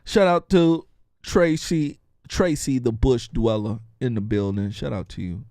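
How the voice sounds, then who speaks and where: A man's voice: medium pitch, a little slow, a little mellow, no room sound, clean studio sound. A man hosting his own show, delivering a mocking, jokey political commentary monologue. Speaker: show host.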